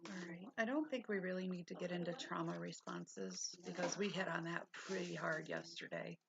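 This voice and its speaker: An older woman runs a livestream, animatedly chatting and rambling as she talks back to her viewers at a moderate pace. Her voice is fairly low and creaky. The sound is dull lo-fi with faint hiss.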